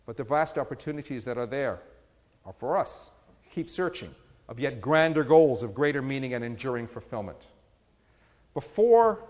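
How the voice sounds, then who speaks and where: A man's voice: mid-range voice, big-room sound. A man, a rabbi, giving a sermon with jokes and stories that rise to emphatic peaks. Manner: storytelling with humor, rising to emphatic peaks.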